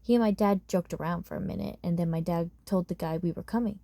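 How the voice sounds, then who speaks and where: A woman narrating a novel chapter aloud, giving the quoted characters lively voices. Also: lowish voice, fast, no echo. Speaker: audiobook reader. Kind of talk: storybook narration.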